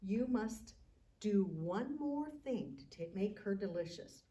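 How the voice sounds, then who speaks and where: A woman's voice: mid-range voice, animated, slow, mellow, far from the mic. A woman voicing a clever, brave young butter maid who speaks confidently and persuasively.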